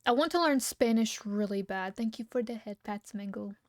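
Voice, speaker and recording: A young woman streamer with a fairly high voice chats casually at normal speed while she eats, in a dry, studio-quality recording. She rambles in a relaxed, loose way through her livestream, often humming and giggling between thoughts.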